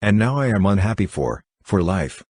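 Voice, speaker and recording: Grieving young woman in an audiobook, earnest and mournful, voiced by a man in a low, husky register, dry sound. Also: big pitch swings, normal speed, darkish tone, dry recording. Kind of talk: audiobook character reading.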